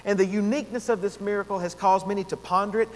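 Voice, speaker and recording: Man, pastor, high voice, earnest sermon, stretched-out emphasis, long church reverb. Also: level tone. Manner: earnest preaching, slowing down to stress key words. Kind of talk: expository sermon.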